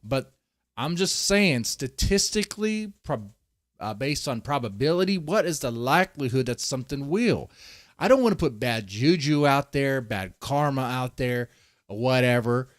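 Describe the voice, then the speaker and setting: A man's voice: medium pitch, animated, moderate pace, no echo, studio quality. A man hosting a livestream, rambling in casual, profane commentary and talking straight to his chat. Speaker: livestream host.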